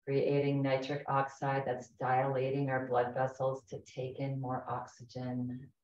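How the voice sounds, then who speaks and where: A woman instructor leading a chair yoga class, calm and gentle, giving slow breathing cues. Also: very deep voice. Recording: echoey, distant, dull room recording.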